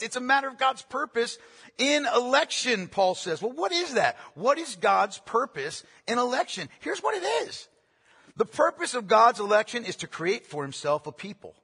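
A man's voice: very high voice, pushed and bright, slightly rough, in a large hall. A man preaching a sermon as pastor, earnest and emphatic, repeating his key phrases for stress.

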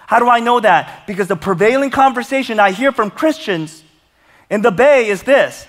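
Male pastor, lively preaching, higher voice, long hall reverb. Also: moderate pace. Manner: animated, conversational preaching with humor and rhetorical questions. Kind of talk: sermon.

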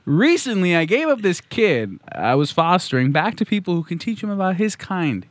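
A podcast host doing a goofy impression while reading out a listener's advice letter in a raised, mock-dramatic voice. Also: male voice, high voice, big pitch swings, normal speed, no room sound, voice pushed up. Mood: pleading. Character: goofy overly earnest male advice-letter writer.

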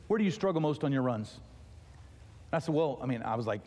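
A pastor delivering a sermon, telling a story with lively acted-out dialogue. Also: male voice, mid-range voice, fast. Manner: animated storytelling, acting out dialogue. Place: church auditorium. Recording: long reverb of a large hall.

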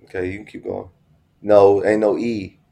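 A man with a low, gravelly voice chats casually on a podcast. His tone is dark and mellow, and he tells stories animatedly, jokes and teases his partner. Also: moderate pace. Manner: joking, teasing, animated storytelling with profanity. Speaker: podcast co-host. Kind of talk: casual chat.

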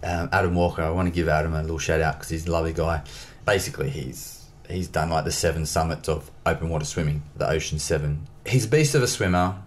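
A man telling a personal story as an interview guest, in a lively way, acting out the dialogue. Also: very deep voice, quick pace, slight background noise. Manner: lively, acts out dialogue in his stories. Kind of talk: casual storytelling.

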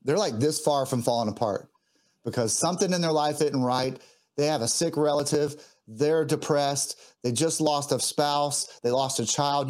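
A man's voice: a little high, normal speed, a little mellow. A man, a guest musician, telling a personal story in an earnest, heartfelt way, often stopping and restarting as he gets emotional.

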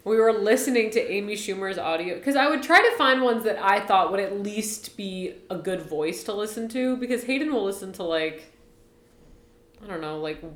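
A woman's voice: mid-range voice, lively intonation, normal speed. A young woman chats on a podcast, stringing long stories together with "like" and dry sarcastic asides. Her voice sits in a roomy, echoing space. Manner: chatty, lots of "like" fillers, sarcastic asides. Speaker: podcast co-host. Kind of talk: casual chat. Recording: roomy echo.

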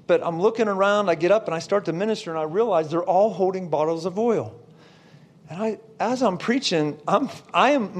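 A man preaching, telling a story with lots of check-ins to his listeners and building to shouts. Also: on the high side. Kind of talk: storytelling sermon.

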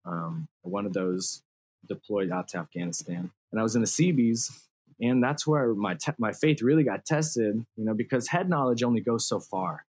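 A man in his thirties, a guest musician on a casual interview, tells his story with lots of laughter, slang, and filler words. His voice sits lowish and comes across slightly mellow and husky, at a moderate pace.

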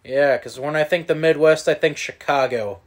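Teasing young man talking sports. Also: on the high side. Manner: teasing, quick to laugh. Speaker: podcast co-host. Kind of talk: casual sports talk.

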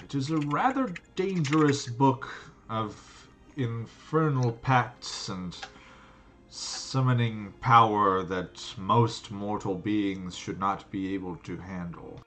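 A man's voice: fairly low pitch, slow, a bit bright, soft background music. A man voicing a grave dwarf keeper. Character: stern older male dwarf keeper of a guarded book vault.

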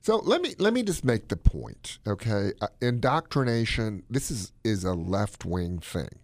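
A man co-hosting a podcast, talking his opinions in a casual, animated way. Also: fairly low pitch, unhurried, no room sound. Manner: animated, opinionated, drops into playful put-on accents. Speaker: podcast co-host.

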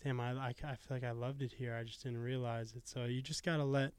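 A man's voice: medium pitch, fairly even intonation, brisk, clear, resonant tone, dry recording. A man in his twenties, a podcast guest talking in a casual, earnest and reflective way and swearing now and then. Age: 20s.

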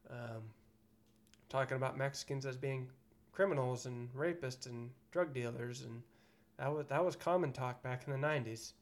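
A man's voice: medium pitch, moderate pace. A man co-hosting a podcast in casual chat, frank and profane, prone to ranting. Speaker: podcast co-host.

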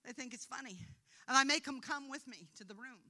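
A woman preacher tells a personal mission story to her congregation. Her voice is bright and clear. She moves between quiet narration and loud, emphatic preaching, and she laughs at herself along the way. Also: sits high, brisk. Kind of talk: sermon testimony.

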